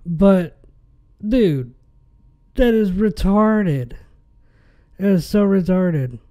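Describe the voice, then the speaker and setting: A man's voice: high-pitched, lively intonation, very slow, mellow. A man hosting a podcast, ranting in an exasperated, casual way. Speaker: podcast host.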